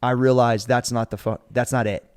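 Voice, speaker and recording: A man in his forties tells a story on a coaches' podcast in a casual, animated way. He acts out what others said and swears freely as he goes. His voice sits at an ordinary middle pitch for a man. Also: a little fast, clean tone. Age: 40s. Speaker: strength coach.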